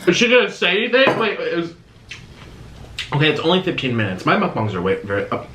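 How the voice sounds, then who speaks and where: A man hosting a reaction video, chatting casually and eating between quick remarks. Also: fairly high pitch, huge pitch swings, a bit bright, a little hiss or hum. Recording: roomy echo.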